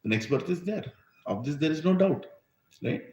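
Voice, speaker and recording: A man's voice: on the high side, lively intonation, moderate pace, a little mellow, reverberant, rough recording. A man with an Indian accent giving an emphatic religious discourse, full of rhetorical questions. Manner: emphatic, rhetorical, asks "right?" often. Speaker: spiritual teacher.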